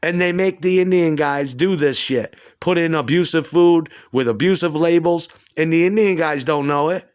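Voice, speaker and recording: A man's voice: on the high side, moderate pace, hardly any pauses, clean tone. A man at home delivering an agitated, profane, rambling rant. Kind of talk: rambling monologue to camera. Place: at home indoors.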